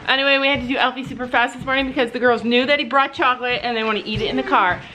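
A woman's voice: on the high side, fairly even intonation, rapid-fire, bright, forceful tone, slight background noise. A woman in her thirties hosting a casual family vlog, upbeat and chatty, talking straight to her viewers while visiting a horse barn. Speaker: vlog host and mother. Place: horse barn, indoors and outdoors. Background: background music.

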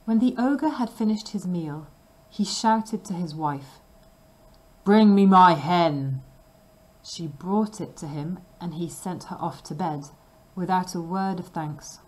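A woman reading a fairy tale aloud slowly and carefully for language learners. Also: fairly low pitch, warm tone, poor audio. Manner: slow, careful and clearly paced. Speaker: storybook reader.

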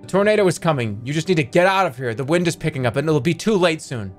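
A man's voice: a little high, animated, quick pace, soft background music. Wry streamer man reading game text. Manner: wry, joking, swears freely.

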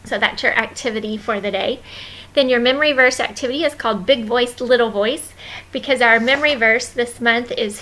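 A woman with a fairly high, bright voice explains the week's children's activities to church volunteers. She speaks in a friendly, instructive way, often pausing with fillers as she goes. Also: poor audio. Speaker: children's ministry leader. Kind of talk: volunteer training walkthrough.

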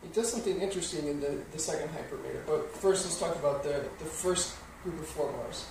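Piano teacher counting beats, echoey room. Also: male voice, fairly high pitch, fast talker, vocal fry, background noise. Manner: explains patiently, counting beats aloud. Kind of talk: instructional music lesson. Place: piano studio. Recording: roomy studio, distant mic, piano playing.

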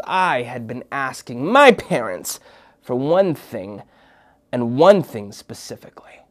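A man's voice: mid-range voice, lively intonation, takes it slowly. A man from Minnesota hosting a children's show, telling a story dramatically and dropping into whispers for suspense. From Minnesota, United States. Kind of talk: storytelling for kids.

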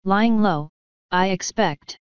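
A woman's voice: medium pitch, takes it slowly, smooth, no echo, muffled recording, lightly acted. A woman reading the part of a gloomy, grumbling male talking toad in a storybook. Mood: mournful. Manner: mournful, grumbling.

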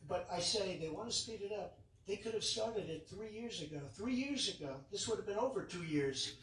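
A man delivers a campaign rally speech in a large indoor arena, repeating his points with emphasis and drifting into asides. His voice sits fairly high and booms with the hall's echo. The mic is some distance off, with faint noise behind him. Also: lively intonation, moderate pace, fairly bright tone. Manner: repetitive, emphatic, rambling asides. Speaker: political candidate.

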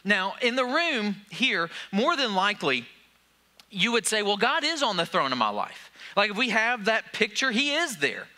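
A man's voice: high voice, sing-song, normal speed, pushed and bright. A man preaching a sermon to a church, talking conversationally and posing questions to the congregation. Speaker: pastor.

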